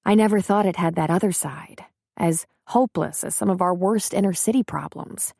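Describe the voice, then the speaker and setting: A woman's voice: on the low side, normal speed, gravelly, dark tone, no echo, studio quality. A woman voicing an earnest, candid young nurse from the city in an audiobook reading.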